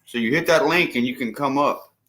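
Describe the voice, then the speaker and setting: Gruff teasing man hosting a live chat. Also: mid-range voice, a little fast, a bit bright. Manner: gruff, teasing, plain-spoken. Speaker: live stream host. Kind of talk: casual chat.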